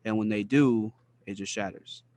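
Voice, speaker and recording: A man co-hosting a podcast, speaking earnestly in casual talk, searching for words and slowing down on key phrases. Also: lowish voice, fairly even intonation, a little mellow. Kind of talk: casual conversation.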